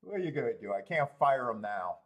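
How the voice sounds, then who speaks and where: A man hosting a horse racing betting livestream, talking casually in animated, laughing rants and stammering often. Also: mid-range voice, fast talker.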